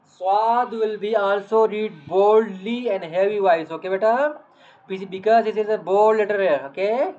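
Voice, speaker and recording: A teacher walks a young learner through letter sounds, repeating each one again and again. The delivery is very slow and patient, full of gentle check-ins. The recording sounds dull and lo-fi. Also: medium pitch. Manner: patient, repeats letters many times, says "okay, beta". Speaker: Quran reading teacher. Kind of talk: slow letter-by-letter lesson to a child. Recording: dull lo-fi audio.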